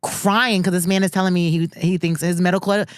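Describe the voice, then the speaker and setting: A woman talks with a candid, blunt, profane edge. Her voice sits a little low. The sound is dry and close to the mic. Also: fairly even intonation, a little fast, clear, resonant tone, dry recording. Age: 30s. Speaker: podcast co-host. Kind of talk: casual chat.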